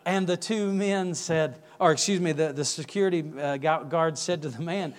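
A man's voice: fairly high pitch, moderate pace. A male preacher telling an anecdote in a sermon, correcting himself mid-story.

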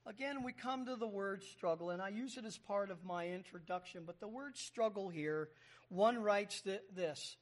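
A man's voice: sits high, moderate pace. A man preaching a sermon, explaining Greek words as he reads and stressing key words. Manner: emphatic, explains Greek word by word. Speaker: pastor.

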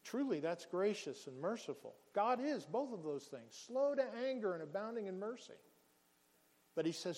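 High-voiced preaching man in a hall. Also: big pitch swings, normal speed, a little mellow. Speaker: pastor. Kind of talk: sermon.

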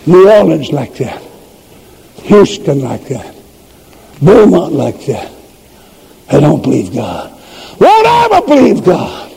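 Male revival preacher, high gravelly voice, dark tone, shouting sermon in a reverberant church hall. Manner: shouting, preaching with rising emphasis. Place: church service.

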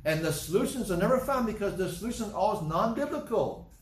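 Male pastor, sermon, emphatic, repeats his points, slightly high voice, echoey room. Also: animated, fast, recorded from a distance, slight background noise. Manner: emphatic, repetitive preaching.

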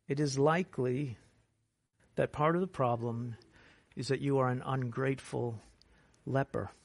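Slow, impassioned male preacher. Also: fairly high pitch, creaky, no echo. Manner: builds from quiet, measured explanation to loud, impassioned preaching. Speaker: pastor. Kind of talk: sermon.

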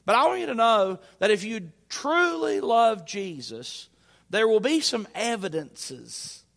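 Preacher guy, kinda high voice, folksy sermon, echoey church hall. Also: very animated, unhurried, vocal fry, fairly bright tone. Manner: folksy, conversational preaching with rising emphasis. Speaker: pastor. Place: church sanctuary.

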